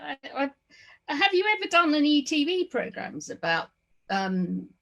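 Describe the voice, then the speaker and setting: A woman's voice: high-pitched, sing-song, moderate pace, a bit bright, a little hiss or hum. A woman interviewing a guest, speaking hesitantly with many fillers and restarts. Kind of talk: conversational interview.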